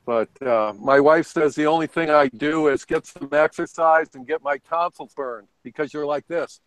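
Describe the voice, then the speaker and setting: A man's voice: on the high side, moderate pace, poor audio. A man on a video call, chatting casually and rambling through anecdotes with chuckles. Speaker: guest on a hobby video hangout. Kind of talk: casual storytelling chat.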